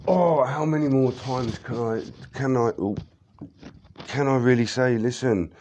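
A man's voice: medium pitch, measured pace, a little mellow, a little hiss or hum. A man, rambling through a personal monologue full of swearing and fillers. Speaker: vlogger.

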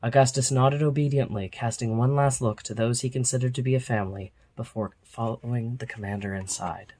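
Guy reading a kids book out loud, steady, expressive, normal pitch. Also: brisk, husky. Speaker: storyteller. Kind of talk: reading a children's book aloud.

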